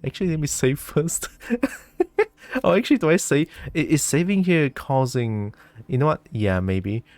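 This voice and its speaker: A man's voice: on the high side, animated, normal speed, darkish tone, no room sound. Giggly man commenting on his game. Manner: chatty, laughs often, reacts aloud. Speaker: gaming streamer.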